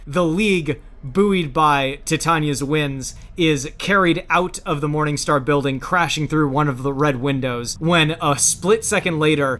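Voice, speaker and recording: A man's voice: on the high side, a bit bright. A man narrating a tabletop game as game master, describing action scenes.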